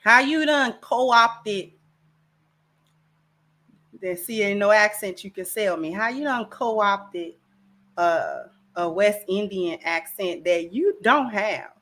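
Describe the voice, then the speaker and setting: A woman's voice: medium pitch, animated, takes it slowly, a bit bright. Slangy woman chatting on a livestream. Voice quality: slangy, rambling, conversational. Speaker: livestream host. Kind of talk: casual livestream chat. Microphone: camera.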